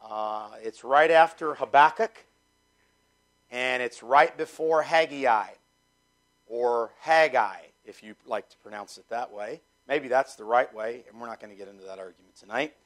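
A man's voice: medium pitch, moderate pace, fairly bright tone. A middle-aged man from Canada, a pastor giving a folksy, conversational sermon and asking his congregation questions. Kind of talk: sermon with prayer.

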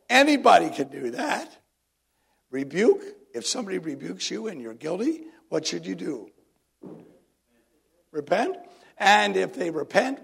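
A middle-aged male pastor preaching a sermon, swinging between loud emphatic lines and hushed ones. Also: on the high side, gravelly, husky.

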